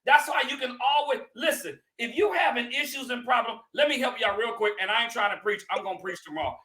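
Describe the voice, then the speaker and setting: A man who is a pastor hosting a talk show, speaking in a preacherly way that rises into emphatic shouted points. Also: very high-pitched, quick pace, low-quality recording. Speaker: pastor and host. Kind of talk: lively church talk show discussion.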